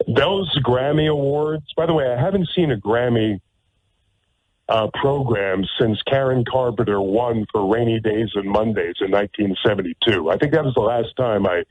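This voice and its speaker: Sarcastic radio host, tinny narrow sound. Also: male voice, mid-range voice, moderate pace. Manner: sarcastic, emphatic, repeats words. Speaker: radio talk show host. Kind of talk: opinionated talk radio monologue. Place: radio studio.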